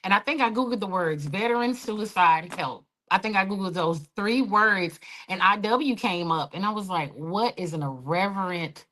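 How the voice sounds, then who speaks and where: Passionate woman, animated storyteller, podcast guest. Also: medium pitch, moderate pace, hardly any pauses. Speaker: guest, hike organizer. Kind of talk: podcast interview, personal story.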